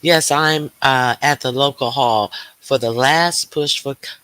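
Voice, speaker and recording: A man's voice: mid-range voice, unhurried, sharp tone, clean tone, no echo. A man hosting a casual livestream, greeting viewers by name and chatting with lots of fillers. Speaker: livestream host.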